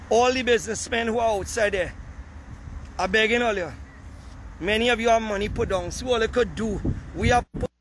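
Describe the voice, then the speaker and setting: A Trinidadian man making an impassioned, blunt appeal outdoors while handing out food to a crowd. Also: high-pitched. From Trinidad and Tobago. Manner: ranting, pleading, blunt. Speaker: community food distributor. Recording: wind and traffic noise outdoors.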